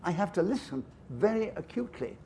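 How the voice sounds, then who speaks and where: An older man with a polished English upper-class accent tells stories on a festival stage. His voice sits fairly high, and his talk is chatty and self-amused, full of restarts and asides. A faint hiss lies under it. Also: sing-song, brisk, mellow. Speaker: guest author. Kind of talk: anecdotal storytelling on stage.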